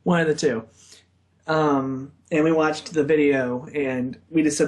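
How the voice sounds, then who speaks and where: A man's voice: fairly high pitch, steady tone, measured pace. A young man co-hosting a podcast, rambling in casual chat and laughing often. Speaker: podcast co-host.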